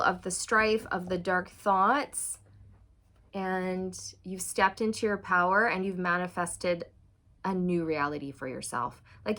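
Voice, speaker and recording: A woman reading tarot for her viewers. She sounds excitable and encouraging, speaks straight to the viewer, and often breaks into squeals and laughter. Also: medium pitch. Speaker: tarot reader.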